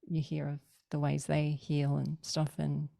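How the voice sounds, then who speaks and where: Brief: woman, 50s, low voice, animated storyteller on a video call. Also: unhurried, gravelly, no room sound, clean studio sound. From Australia. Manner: lively, laughing, acts out quoted dialogue. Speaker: guest.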